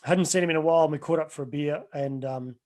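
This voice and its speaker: A man's voice: fairly high pitch, fast, darkish tone. A middle-aged man, a life coach answering webinar questions in an earnest, rambling way, restarting sentences and telling anecdotes.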